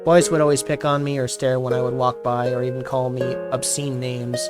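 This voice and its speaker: A man voicing a shy, troubled teenage girl in a read-aloud story, speaking in a quiet, subdued way. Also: mid-range voice, level tone, a little fast, over loud music, close to an everyday voice. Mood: somber.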